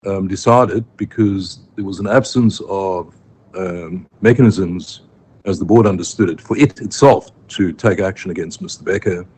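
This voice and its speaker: Deep-voiced South African advocate in court. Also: male voice, dark tone, poor audio. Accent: South African English. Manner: measured, formal, with frequent ums and self-corrections. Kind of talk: legal argument in court. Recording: faint room noise, live court stream.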